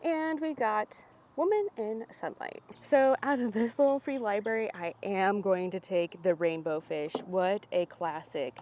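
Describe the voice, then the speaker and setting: A young woman vlogging outdoors at little free libraries, chatting with bubbly excitement and reading book blurbs aloud. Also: mid-range voice, measured pace, a little hiss or hum. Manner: bubbly, excited, laughs often.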